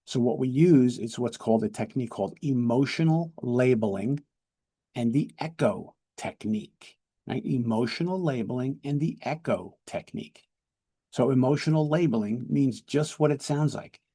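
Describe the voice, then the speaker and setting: A police lieutenant teaches de-escalation in a plain lecture style, often doubling his words and asking "right?". His voice is gravelly, husky and dark in color, and his pitch sits in a middle range. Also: moderate pace. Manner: explanatory, repeats words and checks in with "right?". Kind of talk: training lecture.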